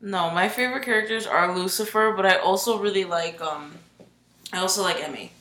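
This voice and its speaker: An easygoing woman in a casual chat with friends, often chiming in with short agreeing replies. Her voice is bright and forward. The room adds a noticeable echo. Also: mid-range voice, brisk. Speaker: podcast co-host. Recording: roomy echo.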